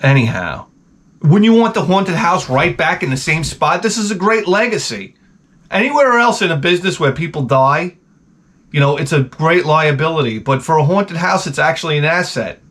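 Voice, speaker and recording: A man's voice: a little high, expressive, moderate pace, a bit bright. A man in his forties, the channel host, telling a profane, rambling comedic rant.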